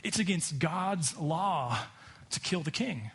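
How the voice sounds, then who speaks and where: A man's voice: a little high, animated, slow, fairly bright tone, husky. A male pastor preaching a sermon, telling a story and acting out the voices of its people.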